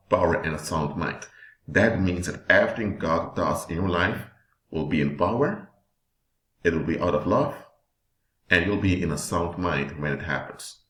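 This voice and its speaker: Male preacher, very low voice, deliberate sermon delivery, echoey room. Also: a bit bright. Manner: slow, deliberate emphasis with drawn-out words. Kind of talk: sermon-style teaching.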